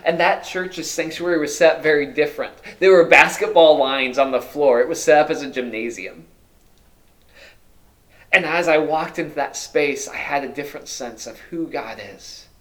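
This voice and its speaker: A male pastor preaching a sermon, asking many rhetorical questions and moving between loud emphasis and hushed, quiet lines. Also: fairly high pitch, normal speed.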